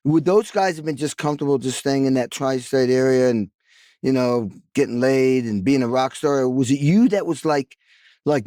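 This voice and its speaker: A man's voice: mid-range voice, moderate pace, warm tone, no echo, clean studio sound. A man hosting a podcast, a drummer asking enthusiastic, rambling questions in casual interview chat.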